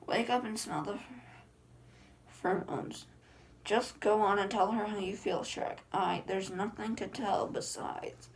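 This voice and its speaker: A woman reading as a jumpy, chatty male donkey, rattling through the lines in a flat read-aloud way. The pitch is middling and a faint hiss lies underneath. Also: measured pace, lightly acted. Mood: plain reading. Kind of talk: reading a film script aloud.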